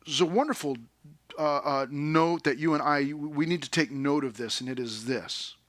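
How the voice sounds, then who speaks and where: Lively, bright-voiced preacher man. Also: fairly high pitch, normal speed, dry recording. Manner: energetic, conversational preaching with vivid paraphrase. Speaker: pastor. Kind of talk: sermon.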